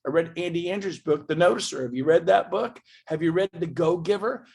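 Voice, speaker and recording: A man speaking to an event audience as a motivational speaker, emphatic and swinging from loud bursts to quiet asides. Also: a little high, fairly quick, vocal fry, breathy edge.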